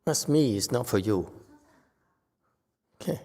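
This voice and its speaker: A male Buddhist teacher giving an animated, emphatic dharma lecture. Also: medium pitch, slow pace, gravelly. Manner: animated, emphatic, voices dramatic quotes. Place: temple lecture hall. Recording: long hall reverb.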